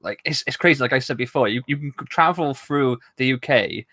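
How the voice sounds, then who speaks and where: Bright-voiced Welsh man chatting casually. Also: mid-range voice, lively intonation, a little fast, no echo, clean studio sound. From Wales. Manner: chatty, rambling with many fillers. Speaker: co-host. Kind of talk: casual chat.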